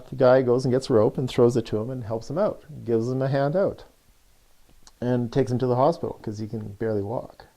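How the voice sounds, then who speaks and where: A man's voice: mid-range voice, warm tone. A man, a coach, telling a story in a loose, chatty way with many fillers. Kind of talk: casual storytelling.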